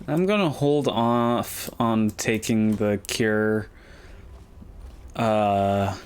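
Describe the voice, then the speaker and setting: A man's voice: fairly low pitch, very slow, clear, resonant tone. A man giving casual, rambling commentary while streaming a game, thinking aloud and humming to himself.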